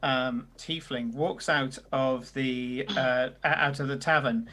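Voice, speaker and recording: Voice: medium pitch, unhurried, a bit bright. A game master narrating a tabletop game, with frequent fillers and laughter.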